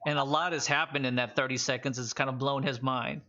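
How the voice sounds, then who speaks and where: A man narrating as game master of a tabletop role-playing game, wandering through his descriptions with frequent restarts. His voice sits at an ordinary pitch. The recording is a bit muffled and lo-fi. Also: steady tone, brisk, pushed and bright. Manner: loose, rambling narration with many restarts.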